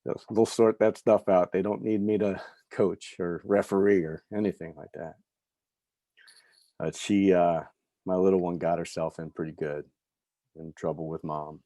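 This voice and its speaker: Low, mellow-voiced man telling his story. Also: steady tone, normal speed, no echo. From New York. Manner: candid storytelling, soft asides. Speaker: recovery speaker. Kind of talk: personal recovery talk.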